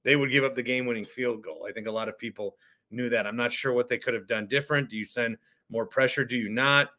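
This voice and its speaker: A man's voice: medium pitch, fairly even intonation, fast talker, bright, forceful tone. A man hosting a sports podcast, ranting in an exasperated, worked-up way about a football game. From Wisconsin. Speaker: podcast host. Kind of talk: sports talk rant.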